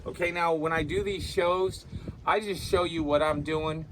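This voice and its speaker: Male cooking vlog host, slightly high voice, loose and rambling, keeps checking in with "okay?". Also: steady tone, moderate pace, noisy background. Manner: rambling, tags sentences with "okay?". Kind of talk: casual cooking demonstration. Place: aboard a small sailboat.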